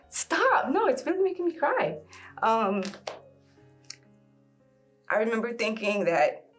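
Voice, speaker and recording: Woman, 40s, reflective storytelling, low pitch, faint background music. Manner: reflective, fills pauses with "um". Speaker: guest sharing a love story. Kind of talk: emotional personal storytelling.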